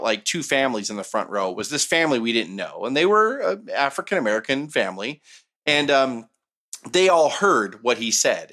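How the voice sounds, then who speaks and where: A middle-aged man spinning a story on a chatty podcast, his pitch swinging up and down a lot as he goes. He is profane and sardonic, dropping into mocking impressions of the people he talks about. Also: bright, forceful tone. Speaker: podcast co-host telling a story. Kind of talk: casual storytelling chat.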